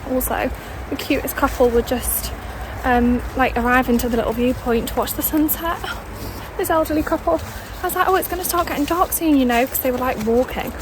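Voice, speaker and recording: Chatting fairly quickly with mostly even intonation, this late-twenties vlogger is out on a cold walk, slightly winded from climbing. She's chatty and bubbly, slipping into high sing-song baby talk to her dog, recorded on a handheld phone with obvious outdoor background noise.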